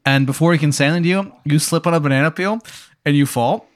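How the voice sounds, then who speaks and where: A man hosting a comedy podcast, narrating an improvised absurd story in a deadpan way. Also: a little high, fast talker, no room sound.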